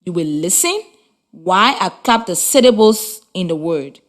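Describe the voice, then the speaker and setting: A woman teaching a children's reading lesson on the radio, giving slow, encouraging, clear instructions. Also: on the low side, expressive. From Liberia.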